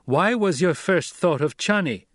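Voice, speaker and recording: A man voicing a young noble heir who speaks slowly, coldly and with command, in a dry audiobook recording. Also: on the high side, lively intonation, dry recording, pitched above the performer's own voice, lightly acted. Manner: slow, cold, commanding delivery.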